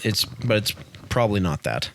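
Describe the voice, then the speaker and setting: Bright, lower-voiced man reading picks. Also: sing-song, slight background noise. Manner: brisk list reading, blunt asides. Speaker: podcast co-host. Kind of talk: casual chat.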